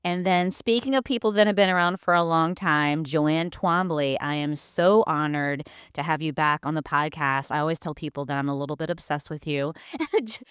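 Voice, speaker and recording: Low-voiced enthusiastic woman host. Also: fairly quick, smooth, dry recording, clean studio sound. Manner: warm, enthusiastic, laughs often. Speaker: podcast host. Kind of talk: casual interview chat.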